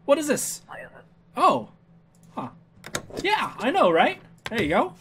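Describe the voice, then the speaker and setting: Very high-pitched and slow, his voice swings hugely in pitch and sounds a bit bright, with a little hiss or hum in the recording. As a let's player, he keeps his commentary casual and goofy, answering the characters and humming or singing along to himself.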